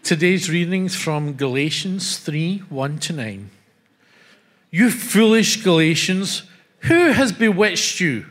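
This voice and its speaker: A man with a French accent reads scripture to a church. His voice sits high, and he takes the words slowly, leaning into each question. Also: very animated, a bit bright. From France. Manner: slow, deliberate reading with rising emphasis on questions. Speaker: scripture reader. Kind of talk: scripture reading.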